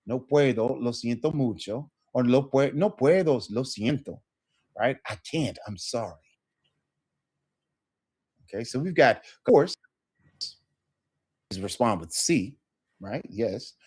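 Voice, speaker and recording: A man's voice: medium pitch, lively intonation, slow pace, pauses often, a little mellow, slightly rough. A middle-aged man teaching an online Spanish lesson, repeating phrases with rising emphasis.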